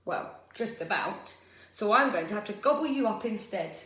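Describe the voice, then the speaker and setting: Teacher lady doing a big mean troll, loud roary snarly voice, roomy echo. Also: mid-range voice, animated, moderate pace, close to an everyday voice. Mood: roaring. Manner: roaring, snarling.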